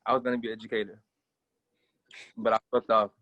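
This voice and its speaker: A man's voice: on the low side, flat delivery, fast talker, fairly bright tone. A young adult man, joking around in a laid-back, slangy way as a guest in a casual chat over a video call. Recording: dull lo-fi video call audio.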